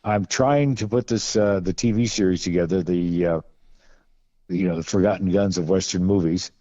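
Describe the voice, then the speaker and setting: A man's voice: low voice, normal speed, dark tone, no echo, muffled recording. A man guesting on a podcast, telling rambling, wry stories about film work with many restarts. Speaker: podcast guest, film costume and gun expert. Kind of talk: casual anecdotal storytelling.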